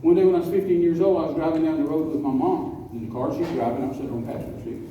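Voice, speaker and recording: A man preaching a folksy storytelling sermon, slowing down to stress key words. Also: fairly high pitch, steady tone, dull audio. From West Texas. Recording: echoey hall, distant mic, faint noise.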